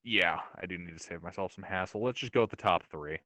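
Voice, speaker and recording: A man with a low-pitched voice runs an online tabletop game as dungeon master, talking casually and laughing easily. He speaks fast in a pushed, bright tone, and his voice sounds close and dry in a dry recording.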